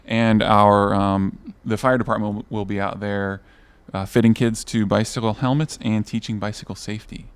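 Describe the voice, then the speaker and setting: A man's voice: lowish voice, level tone, moderate pace, few pauses, clean tone. A man who is a fire chief, talking in an easygoing, plainspoken way as a podcast guest. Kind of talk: casual interview talk.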